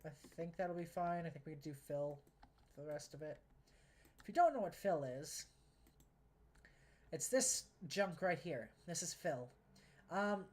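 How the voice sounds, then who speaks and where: Rambling, sweary woman streamer. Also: fairly low pitch. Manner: rambling, self-deprecating, swears freely. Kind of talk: casual gameplay commentary.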